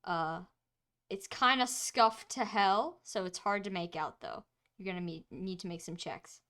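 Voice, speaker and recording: A woman's voice: medium pitch, a little slow, bright, forceful tone. A woman running a tabletop game as game master, chatty and giggly, describing items and scenes with lots of filler words.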